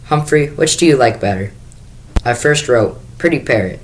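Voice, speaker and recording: A man's voice: medium pitch, lively intonation, normal speed, lightly acted, low-quality recording. A man reading aloud, voicing an earnest, emotional young girl in a raised, girlish tone. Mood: chatty.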